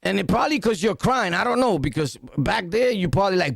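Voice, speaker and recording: A Brooklyn man reacts in a loud, profane rant thick with street slang, laughing between lines. His voice sits high and rough with fry. The recording is dry and close. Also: huge pitch swings, brisk, no echo. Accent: Brooklyn New York. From Brooklyn, New York. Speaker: reaction commentator.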